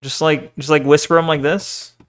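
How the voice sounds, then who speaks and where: A man's voice: on the high side, level tone, moderate pace. A young man streaming, casually chatting with his viewers in a jokey, self-deprecating way, swearing and laughing often. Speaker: VTuber streamer. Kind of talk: casual chat reading stream chat.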